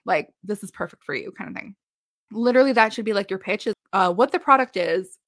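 A woman co-hosting a podcast, giving energetic, direct advice in casual chat. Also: medium pitch, no room sound, studio quality. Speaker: podcast co-host.

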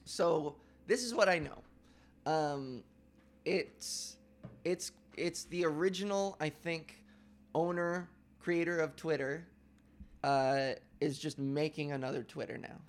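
A man co-hosting a podcast, talking casually with profane, joking, animated rants. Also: on the high side, takes it slowly. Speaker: podcast co-host. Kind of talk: casual comedic chat.

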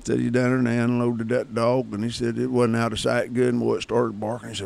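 A man's voice: mid-range voice, little pitch movement, fast, hardly any pauses, darkish tone, slight background noise. A man in his seventies from Kansas, a guest telling folksy hunting stories in casual talk. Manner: folksy yarn-spinning with rough grammar. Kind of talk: casual storytelling.

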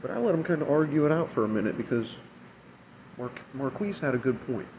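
A man's voice: mid-range voice, animated, fairly quick, darkish tone, slight background noise, poor audio. A man telling a long, profane story about a difficult coworker, exasperated and imitating people's voices as he quotes them. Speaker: restaurant shift manager. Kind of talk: casual storytelling rant.

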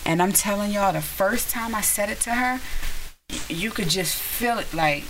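A woman telling a story in a casual chat, earnest and animated. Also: mid-range voice, moderate pace, noisy background.

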